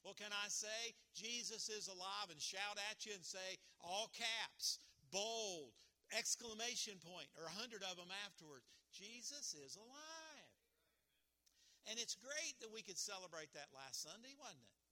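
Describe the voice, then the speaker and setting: A man preaching a sermon as pastor, animated and emphatic, often restarting his phrases. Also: high-pitched, normal speed.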